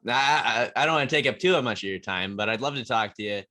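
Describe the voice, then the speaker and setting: A man's voice: mid-range voice, quick pace, bright, forceful tone, no echo, clean studio sound. A man hosting an interview, giving short replies and politely asking questions. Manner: polite, brief responses and questions. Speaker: podcast host interviewing. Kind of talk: casual interview.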